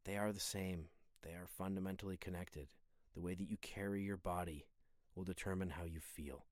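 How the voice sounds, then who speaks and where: Low-voiced earnest man musing. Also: fairly even intonation, moderate pace, dry recording, clean studio sound. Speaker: fitness video host. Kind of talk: reflective spoken monologue.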